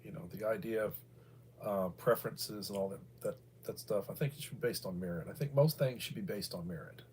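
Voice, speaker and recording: A man's voice: on the low side, fairly quick, darkish tone, slight background noise. A middle-aged American man hosting a livestream, talking in a meandering, casual way with many fillers and restarts. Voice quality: bald. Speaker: livestream host. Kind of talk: casual rambling commentary.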